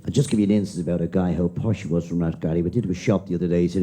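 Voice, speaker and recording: A male stand-up comedian with an Irish accent, telling jokes in a lively storytelling way on a live stage. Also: deep voice, rapid-fire. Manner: lively storytelling, punchline delivery.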